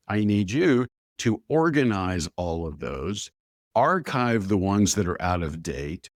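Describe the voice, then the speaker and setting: Low-voiced man telling lively stories. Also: no echo, clean studio sound. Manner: animated storyteller who acts out quoted dialogue, with filler "blah, blah". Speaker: guest, AI strategy expert. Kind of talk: conversational podcast interview.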